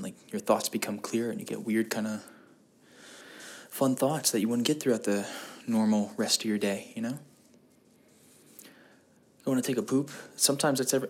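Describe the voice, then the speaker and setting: A young man talks through a loose, rambling solo podcast from a bathroom toilet. He swears freely and keeps circling back on himself, frustrated and searching, in a middle-pitched voice. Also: slightly rough. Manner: rambling, swears a lot, frustrated and self-questioning. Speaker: podcast host.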